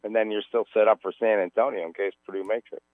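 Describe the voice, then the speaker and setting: A man's voice: on the low side, fairly even intonation, fast, no room sound. A man calling in to a radio sports show, joking and needling the host while telling stories. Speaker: radio caller. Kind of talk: casual radio banter. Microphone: telephone. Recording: tinny phone line on radio.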